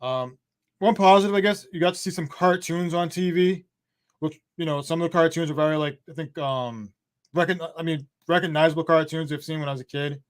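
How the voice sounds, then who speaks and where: Blunt, profane man reviewing films. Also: on the high side. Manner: blunt and profane, with halting pauses. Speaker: movie reviewer on a panel. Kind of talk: live online review countdown.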